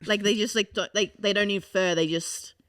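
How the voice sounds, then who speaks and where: Bright-voiced Australian woman chatting. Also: medium pitch, moderate pace. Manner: chatty, animated, trailing fillers. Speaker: co-host. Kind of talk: casual chat.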